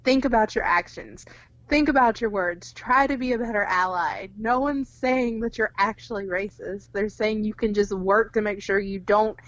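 Young woman, podcast co-host, animated, cursing, dull dry audio. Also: medium pitch, normal speed, dry recording. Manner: animated, swears freely, laughs often. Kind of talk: casual film discussion.

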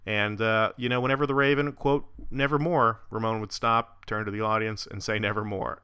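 Guy rambling thru a funny story, bright crisp voice, laughs a lot. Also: lowish voice. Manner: laughing, rambling, with fillers and swearing. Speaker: podcast host. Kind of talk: casual storytelling.

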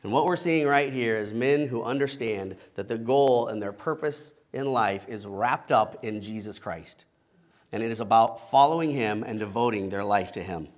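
A middle-aged male pastor preaching a relaxed, conversational sermon, with joking asides and frequent "right?" checks to the congregation. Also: medium pitch, moderate pace. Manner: casual, humorous asides, frequent rhetorical "right?".

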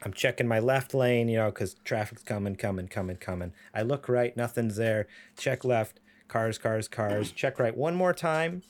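A man co-hosting a casual gaming podcast. His voice sits at a middling pitch, and he rambles through stories with fillers and laughter. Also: normal speed, few pauses. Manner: rambling storyteller, laughs often, many fillers. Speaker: podcast co-host. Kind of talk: casual chat.

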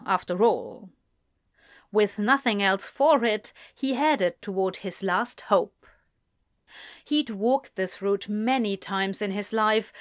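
A woman narrating a romance story in a measured audiobook reading. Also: on the high side, a bit bright.

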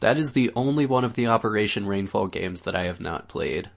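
A man's voice: fairly low pitch, animated, fairly quick, gravelly. An American man co-hosting a casual podcast, easygoing, laughing often and leaning on fillers. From United States. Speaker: podcast co-host asking questions.

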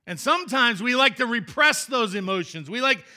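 Bright, high-voiced pastor preaching casually. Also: male voice, lively intonation, moderate pace. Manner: chatty, joking with the congregation, many restarts. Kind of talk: interactive sermon. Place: church sanctuary.

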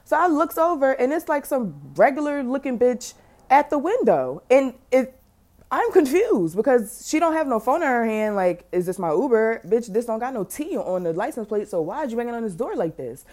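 A woman, hosting a podcast and telling a story in a casual, animated, profane, slang-heavy way. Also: on the high side, moderate pace. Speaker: podcast host.

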